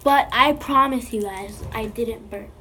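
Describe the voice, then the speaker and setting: A woman's voice: a little high, a little slow, pushed and bright, slight background noise. A woman making a slime vlog, playfully chatting to the slime as if it were alive, recorded on a phone. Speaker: slime video creator.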